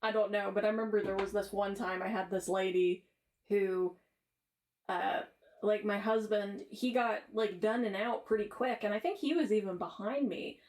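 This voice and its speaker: A woman co-hosting a podcast in relaxed casual chat, laughing between remarks. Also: mid-range voice, moderate pace. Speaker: podcast co-host.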